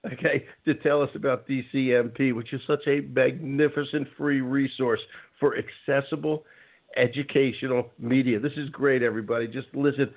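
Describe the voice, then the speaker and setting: A man hosting a casual radio talk show, chatty and rambling, spelling out web addresses slowly. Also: medium pitch, little pitch movement. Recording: phone-like narrow band.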